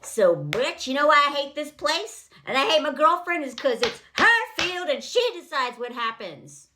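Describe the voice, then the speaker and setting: A woman voicing a smug, insecure young man who used to be a quarterback, speaking low and breathy in self-satisfied mockery. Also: very animated, moderate pace, noisy background.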